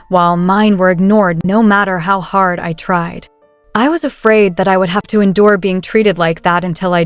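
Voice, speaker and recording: Female recap narrator, scripted storytelling, steady delivery over soft music. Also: mid-range voice, clear, resonant tone, dry recording. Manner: steady, even reading of every part.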